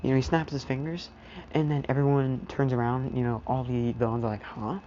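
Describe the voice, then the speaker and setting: A man's voice: mid-range voice, flat delivery, fairly quick, dark tone, lo-fi sound, a little hiss or hum. A man casually narrating an improvised fan story, rambling with lots of fillers.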